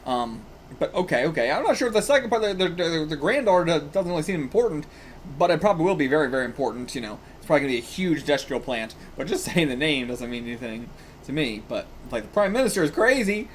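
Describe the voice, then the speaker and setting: A man's voice: a little high, lively intonation, fast talker, slight background noise. Rambling man reacting to manga. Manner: rambling, swears and laughs often. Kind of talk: casual reaction while reading aloud.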